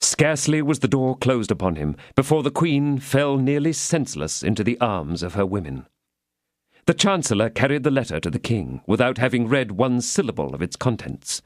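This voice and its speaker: A male audiobook narrator reading a classic novel, his pitch moving in a lively, expressive way. The sound is dry and close, with no room around it. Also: moderate pace, no room sound.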